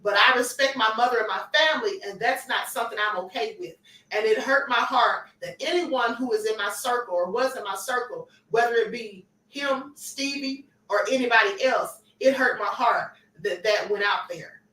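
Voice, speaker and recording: Gossip livestream host, woman, high and bright, emphatic, roomy distant sound. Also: normal speed. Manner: animated, emphatic, repeats points. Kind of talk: celebrity gossip commentary.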